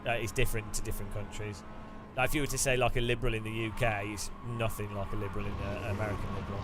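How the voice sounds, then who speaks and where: A man's voice: fairly low pitch, little pitch movement, rapid-fire, background noise. A British man from the UK chatting casually while sim racing, rambling and joking with many restarts. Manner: rambling, joking, self-interrupting. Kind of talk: casual live-stream chat.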